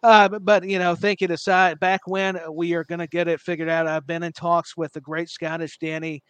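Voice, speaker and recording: A man's voice: a little high, little pitch movement, brisk, a bit bright, clean tone, no room sound. Chatty self-mocking male podcast co-host. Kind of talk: casual chat.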